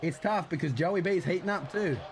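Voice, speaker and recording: Excitable man streaming a football game. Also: high voice, a little fast, background noise. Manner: loud, excitable trash talk. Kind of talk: casual game commentary.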